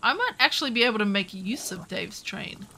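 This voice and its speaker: Poor audio with a bit of hiss or hum captures a woman game streamer from the Southern Hemisphere, her mid-range voice gravelly and fairly quick. During live gameplay commentary she chats on and eagerly greets viewers by name with excited bursts.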